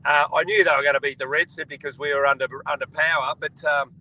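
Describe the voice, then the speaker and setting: Blokey Australian man, bright voice. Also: a little high, fairly even intonation, quick pace, rough recording. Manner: blokey, calls everyone mate. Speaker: guest. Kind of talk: casual sports chat. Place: on a boat, outdoors. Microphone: phone or video call.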